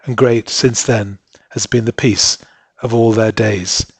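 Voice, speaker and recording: A man narrating a story as an audiobook reader in a steady, measured way. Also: on the low side, slightly rough, no echo. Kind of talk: scripted narration.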